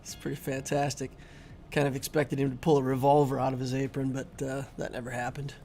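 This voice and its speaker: With soft music in the background, a middle-aged man streams on his gaming channel and chats easily with viewers. His medium-pitched voice is warm in tone but completely flat in delivery, and he speaks briskly in a chatty, easygoing way.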